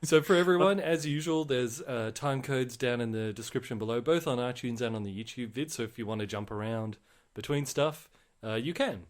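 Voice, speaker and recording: A man's voice: mid-range voice, fairly quick. A young man co-hosting a movie podcast in casual chat, telling stories in a chatty way with frequent giggles. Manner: chatty, giggly, animated storytelling. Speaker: podcast co-host.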